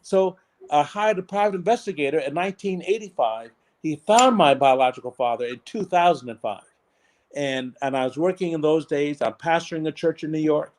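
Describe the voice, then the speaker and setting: A pastor in his seventies, appearing as a podcast guest, tells a personal story earnestly and with measure, slowing down to stress key points. His voice sits on the high side with a darkish tone.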